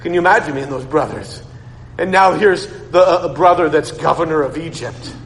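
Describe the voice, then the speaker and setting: A man's voice: a little high, moderate pace, a bit bright. A man preaching a sermon, retelling a Bible story in his own words and often repeating himself as he goes. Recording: long hall reverb, faint noise.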